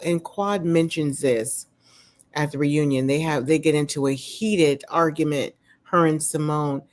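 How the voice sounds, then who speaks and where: A woman vlogger casually recapping a reality show at home, rambling with lots of "you know" and "um" fillers and giving candid opinions. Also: low voice. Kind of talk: casual chatty recap commentary. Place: home with a dog nearby.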